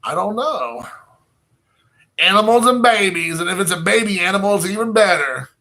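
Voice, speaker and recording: A bright, slightly high male voice that rambles through a casual vlog, talking straight to his viewers from home. He jokes at his own expense and hops loosely from one thought to the next. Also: animated, normal speed. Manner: rambling, self-mocking, chatty with viewers. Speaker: channel host.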